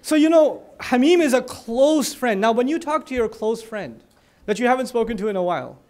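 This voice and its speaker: High-voiced man giving a lively religious lecture. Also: brisk. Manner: animated, acts out little dialogues, joking asides. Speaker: Islamic speaker.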